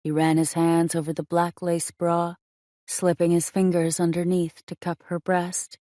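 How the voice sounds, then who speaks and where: A woman's voice: on the low side, monotone, measured pace, mellow, no echo, clean studio sound. A woman narrating a romance audiobook in a scripted reading style.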